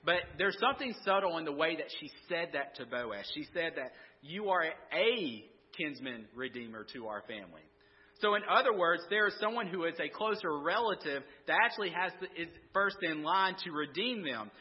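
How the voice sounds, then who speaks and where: A man's voice: on the high side, expressive, fairly quick, few pauses, lo-fi sound. A man preaching a conversational sermon, asking the congregation questions and often restarting his sentences. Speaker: pastor.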